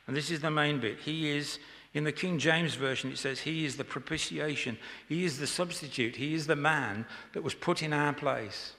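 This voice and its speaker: Guy preaching in a church, gravelly bright voice, chatty and jokey, echoey hall. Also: a little high, normal speed, few pauses. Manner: chatty, joking with the congregation. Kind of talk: informal sermon.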